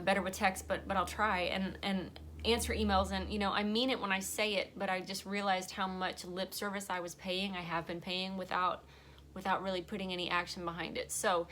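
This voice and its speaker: A woman's voice: mid-range voice, fairly bright tone, slight background noise. A woman giving a heartfelt, rambling personal monologue while crying. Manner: earnest, rambling, emotional. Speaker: vlogger and podcast host.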